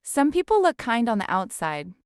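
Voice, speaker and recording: A woman voicing a calm, stern, protective older brother in a spoken story, speaking quietly. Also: fairly high pitch, moderate pace, clear, resonant tone, no echo, studio quality. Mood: calm, grave.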